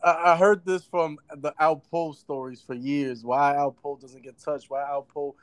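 Skeptical sarcastic man, higher voice. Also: fairly even intonation, unhurried, dry recording. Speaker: podcast co-host. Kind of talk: casual argumentative chat.

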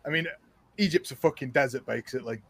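A man's voice: mid-range voice, fast talker, gravelly, breathy edge. A man in casual chat, telling laid-back stories with casual swearing and laughs.

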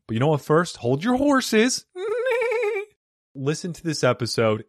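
A man's voice: on the low side, no echo. A man hosting a comedy podcast, joking and self-deprecating as he talks casually into a studio mic. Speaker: podcast host. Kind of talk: casual podcast intro and chat. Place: home studio in Arizona. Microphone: studio microphone.

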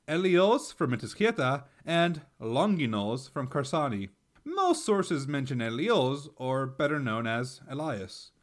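A man hosting a history podcast, reading a script with wry, sarcastic asides. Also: a little high.

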